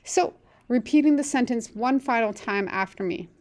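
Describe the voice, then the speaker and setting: A woman teaching a language lesson, saying model phrases slowly and clearly for learners to repeat, then explaining more quickly. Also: on the high side.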